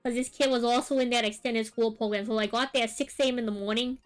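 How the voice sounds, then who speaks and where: High-voiced young woman rambling on stream. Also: steady tone, quick pace, soft background music. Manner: rambling storytelling, many "like" fillers. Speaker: art streamer. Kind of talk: casual chat while drawing on stream.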